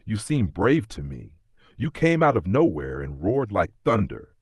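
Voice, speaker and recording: A man voicing a kind young girl who speaks gently and with conviction. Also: on the low side, huge pitch swings, unhurried, slightly rough, full character voice. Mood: earnest. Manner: gentle, earnest.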